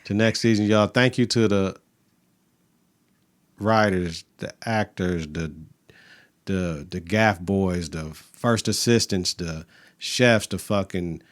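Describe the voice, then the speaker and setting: A man's voice: low-pitched, takes it slowly, pauses often. A man co-hosting a casual podcast, talking loose and profane with a hyped, rambling delivery. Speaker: podcast co-host.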